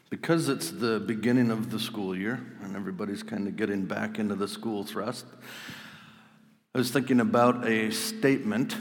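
A man who is a pastor preaching a sermon to his congregation in a relaxed, conversational way, leaning hard on key phrases and slowing down for scripture. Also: lowish voice, creaky, big-room sound. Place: church sanctuary.

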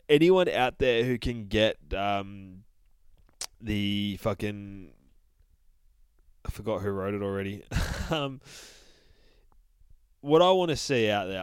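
A man's voice: lowish voice, clear, resonant tone, no room sound. A man hosting a podcast, casually recapping a comic book in a profane, rambling, enthusiastic way. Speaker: podcast host reviewing a comic.

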